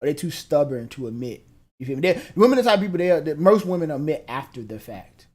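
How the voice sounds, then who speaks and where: A man talking fast in loose, profane podcast chat. His pitch sits a little high and swings widely. He acts out both sides of quarrels as he goes. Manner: animated, slangy and profane, acts out quoted exchanges. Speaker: podcast co-host. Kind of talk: casual chat.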